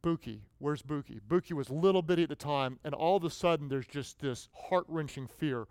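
A male pastor preaching an animated sermon, telling stories and prompting the congregation to repeat lines back. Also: fairly high pitch, fairly quick, hardly any pauses, smooth, no room sound. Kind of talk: sermon with call-and-response.

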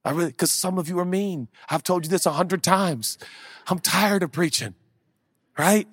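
A husky-voiced pastor in his forties delivers a sermon with playful asides. He swings from soft, hushed lines to sudden loud bursts. The sound is close and dry. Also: sits high, normal speed, no echo. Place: large church auditorium.

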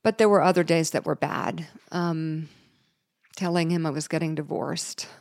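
A woman's voice: low-pitched, fairly even intonation, normal speed, gravelly, darkish tone. A middle-aged woman telling a personal story in a candid, emotional way, with laughs and chatty fillers.

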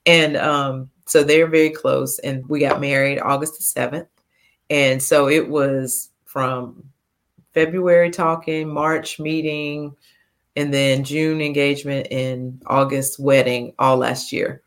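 A woman in her fifties, a podcast guest telling a personal story in a heartfelt, animated way, laughing now and then. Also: a bass voice, takes it slowly. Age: 50s.

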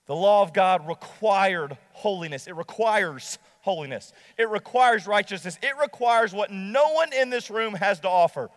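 A pastor preaching a sermon to a congregation, emphatic and slowing down to stress key lines. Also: male voice, high voice, lively intonation, long reverb tail.

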